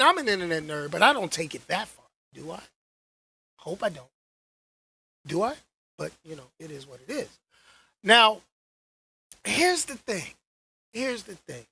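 A young woman talking straight to her audience in a casual vlog rant about movie news, her husky voice swinging up and down a lot. She's slangy and animated, loves repeating a phrase for effect, and keeps throwing in exasperated asides. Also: medium pitch, no room sound. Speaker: vlogger.

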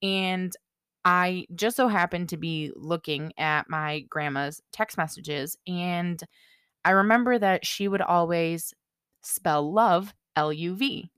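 A woman's voice: on the low side, takes it slowly, fairly bright tone, smooth, dry recording, studio quality. A woman co-hosting a podcast, telling a story in casual chat, blunt and swearing freely, with lots of "like". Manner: blunt and heavily profane, with lots of "like". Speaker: podcast co-host.

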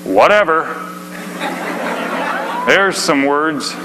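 Dramatic preacher in an echoing hall. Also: male voice, mid-range voice, slow pace, long pauses. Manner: swings between hushed and shouted. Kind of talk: dramatic storytelling sermon. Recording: long hall reverb, faint hum.

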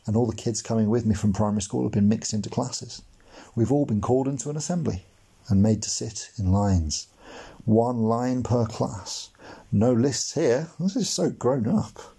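A man's voice: lowish voice, vocal fry, warm tone, breathy edge. A man reading his own humorous memoir aloud for a blogcast, in a wry, mock-dramatic storytelling manner with comic asides. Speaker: blogcast narrator.

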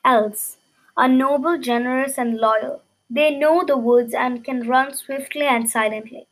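High-pitched woman reading a children's story in lively first person; light stumbles, read-aloud tone. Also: a little slow, rough recording.

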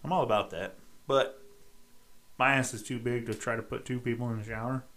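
A young man in his twenties hosts a loose, foul-mouthed chat recorded in a basement. He spins stories and drops into quoted voices, his pitch sitting in an ordinary middle range. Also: steady tone, a little fast, a bit bright. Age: 20s. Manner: profane, storytelling with acted quotes. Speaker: podcast host. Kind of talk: casual crude chat.

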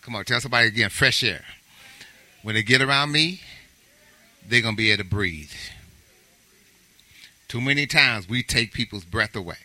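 A man's voice: medium pitch, normal speed, long pauses, sharp tone, dry recording. A male pastor following a sermon, rousing the congregation into call-and-response.

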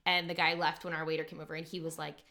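A woman hosting a podcast, telling a story in animated casual chat, full of "like" and quoted dialogue. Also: deep voice, very fast. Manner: animated, lots of "like" and quoting. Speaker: podcast host.

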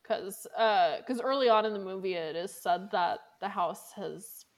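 A woman's voice: medium pitch, unhurried. Easygoing woman retelling a movie scene. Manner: thinks aloud, retells scenes with filler words and small restarts. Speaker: podcast co-host. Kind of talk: casual chat.

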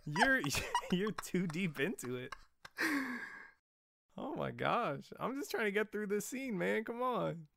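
A man's voice: high-pitched, sing-song, takes it slowly, vocal fry, noisy background. A man co-hosting a podcast, casually retelling movie scenes with laughing asides. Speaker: podcast co-host.

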